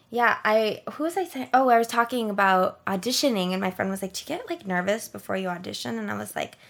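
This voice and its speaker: A young woman chatting casually as an interview guest, filling her talk with "like" and acting out what she said. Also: mid-range voice. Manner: chatty, peppered with "like", acts out quotes. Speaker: guest, performer.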